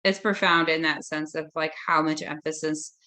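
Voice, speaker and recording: A woman's voice: low-pitched, fairly even intonation, normal speed, pushed and bright. A woman taking part in a course discussion, talking casually and hesitantly with many fillers. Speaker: course participant.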